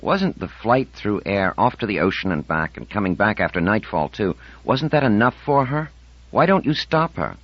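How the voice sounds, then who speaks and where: A man's voice: fairly low pitch, big pitch swings, brisk, dry recording, pitched above the performer's own voice. A man reading an audiobook, voicing an anxious, stern middle-aged mother who pleads and bristles. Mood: anxious, indignant. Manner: raised, pleading, indignant. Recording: dull dry audiobook recording.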